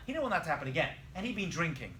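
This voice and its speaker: In a classroom, a man who is a rabbi races through a spirited Bible lesson in a fairly high voice, narrating with animation and testing his students with questions. Slight background noise is present.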